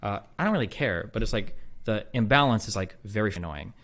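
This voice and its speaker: A man's voice: lowish voice, animated, a little fast, fairly bright tone. A man in his thirties talking casually to a stream audience, rambling with lots of fillers and blunt, profane asides. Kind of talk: casual monologue to a livestream audience.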